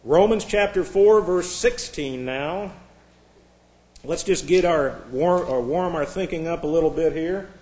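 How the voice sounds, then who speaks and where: A male Bible teacher telling an illustration story in a sermon, dramatic and dropping to quiet emphasis. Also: on the high side, measured pace.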